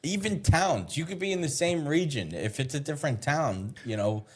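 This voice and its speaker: A man's voice: on the high side, expressive, normal speed, husky. A man, a chef guest in a casual interview, explaining things as he thinks aloud, with small restarts along the way.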